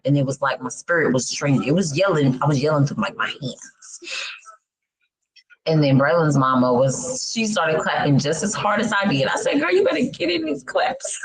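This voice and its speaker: A woman's voice: sits low, moderate pace, husky, rough recording. A woman in her thirties who has lost her voice, chatting as a podcast co-host with churchy exclamations. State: hoarse, lost voice. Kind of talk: casual chat.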